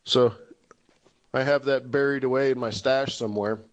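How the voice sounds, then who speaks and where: A man's voice: mid-range voice, steady tone, normal speed. A man in his forties hosting a live trading webinar, joking and laughing at his own jokes. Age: 40s. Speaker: forex webinar host.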